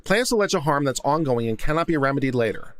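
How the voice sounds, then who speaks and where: A man's voice: on the high side, lively intonation, fast, fairly bright tone, no room sound. A man hosting a legal commentary show, reading a court opinion aloud and breaking in with thoughtful asides of his own. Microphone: studio condenser mic.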